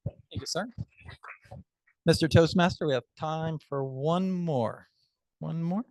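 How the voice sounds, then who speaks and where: A man's voice: fairly high pitch, takes it slowly, a little mellow, no room sound. A man hosts a round of impromptu questions at a speaking club. He is chatty and upbeat, slipping into little stories before he calls on people. The sound is dry, with almost no room in it. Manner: chatty, upbeat, storytelling asides. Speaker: table topics master. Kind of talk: club meeting hosting.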